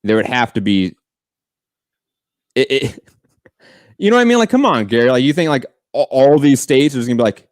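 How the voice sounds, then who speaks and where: A man's voice: mid-range voice, expressive, moderate pace, long pauses, dry recording, studio quality. A man co-hosting a political podcast debate, pressing his opponent with long probing questions. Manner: probing, pushes back with questions. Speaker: podcast co-host.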